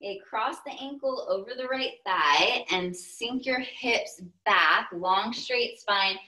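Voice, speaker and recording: A young woman with a Texan accent, a yoga instructor giving calm step-by-step cues with playful asides. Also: mid-range voice, slow pace, poor audio. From Texas, US. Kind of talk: guided yoga class cues.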